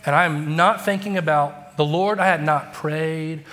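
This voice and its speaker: A man preaching a sermon, telling stories and acting out quoted dialogue with lively emotion. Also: a little high, unhurried. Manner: animated, acts out quoted dialogue. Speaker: pastor. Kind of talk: sermon storytelling.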